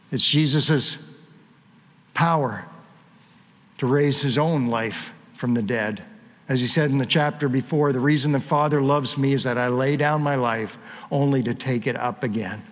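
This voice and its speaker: A pastor preaching a sermon, building to emphatic points and dropping in light jokes. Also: male voice, on the high side, a bit bright, big-room sound.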